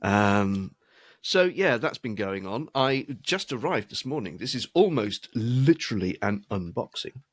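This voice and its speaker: A man's voice: fairly low pitch, sing-song, measured pace, no room sound. A man co-hosting a podcast, telling a rambling story with a dry, self-amused tone. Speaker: podcast co-host. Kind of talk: casual chat.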